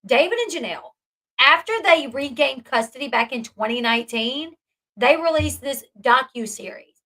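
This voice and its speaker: A woman's voice: sits high, lively intonation, normal speed, sharp tone, poor audio. A young adult woman giving casual commentary and reacting to live chat, telling the story emphatically and with indignation. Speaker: online commentator.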